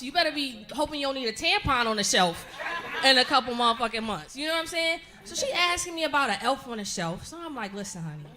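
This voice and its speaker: A middle-aged woman performing a profane stand-up comedy set, telling stories loudly and animatedly. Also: high voice. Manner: profane, loud, animated storytelling with frequent laughs. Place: comedy club stage with live audience.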